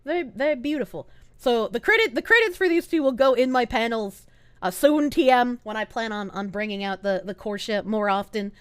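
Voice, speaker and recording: A woman's voice: a little high, lively intonation, fairly quick, clear, resonant tone. A woman streamer chatting casually with her viewers, playful and crude, with lots of swearing. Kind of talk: casual live-stream chat.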